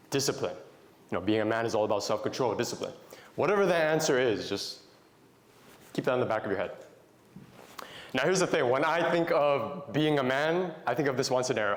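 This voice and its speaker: A young adult man giving a Christian talk to young men, telling stories in a conversational way and putting questions to the audience. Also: mid-range voice. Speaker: motivational Christian speaker. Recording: echoey room.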